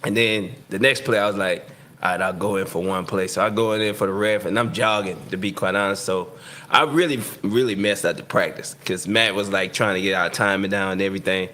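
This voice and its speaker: Guy telling a story on a podcast, slangy, lively, keeps saying right?. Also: low voice, a little fast, a little hiss or hum. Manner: animated, laughs while telling stories; slangy, lots of "right?" and "you know what I'm saying". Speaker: guest, pro football receiver. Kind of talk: casual storytelling.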